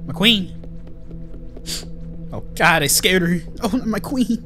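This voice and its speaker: A man giving loud, excitable let's play commentary, swearing often and making mock-dramatic pleas. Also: high voice, slow, soft background music. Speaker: gaming channel host.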